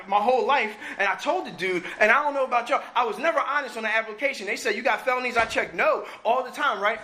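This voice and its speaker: High, bright-voiced man telling his story. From New Jersey. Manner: animated storytelling, acts out quotes. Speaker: recovery meeting speaker. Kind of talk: personal recovery story at a meeting.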